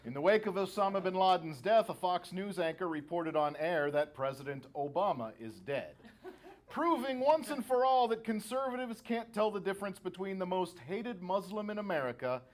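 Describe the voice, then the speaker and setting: A man reading satirical news headlines in a deadpan, measured delivery. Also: high voice. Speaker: comedy news anchor.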